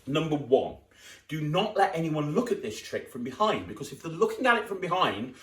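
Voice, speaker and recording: An English man performs as a children's magician, walking kids through a trick with playful, exaggerated delivery and sudden excited shouts. His pitch is fairly high and swoops all over. He sits back from the mic in an echoey room. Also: brisk, distant mic.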